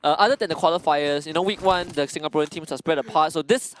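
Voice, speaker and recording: A man's voice: fairly high pitch, fast, background noise. A man doing live esports play-by-play, giggling and exclaiming as he calls the action. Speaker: esports caster.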